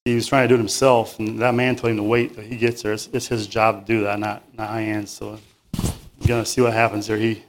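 A man reading a children's story aloud to a group, halting and stopping to paraphrase and moralize. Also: lowish voice, little pitch movement.

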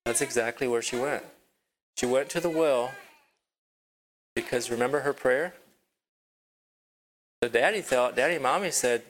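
Halting man telling kids a Bible story. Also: mid-range voice, a bit bright, slight background noise, low-quality recording. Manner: halting, repeats words, asks the kids questions. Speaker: children's teacher. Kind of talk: children's Bible lesson. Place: rural property with a barn.

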